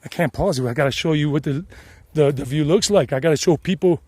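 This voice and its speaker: Casting: middle-aged Southern US man, slightly high and mellow, rambling as he walks a trail with a phone in hand. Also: brisk, breathy edge, no echo. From South Carolina, United States. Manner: chatty, meandering, repeats himself. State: sweating from the climb. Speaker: travel vlogger and English teacher. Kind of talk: casual rambling narration while hiking. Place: outdoors on a mountain trail. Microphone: handheld phone.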